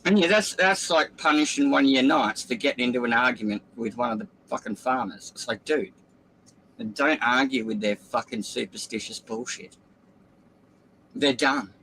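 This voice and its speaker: A man's voice: mid-range voice, normal speed, a bit bright, slight background noise, low-quality recording. Profane, rambling storytelling man. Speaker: poker player chatting on stream. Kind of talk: casual storytelling chat.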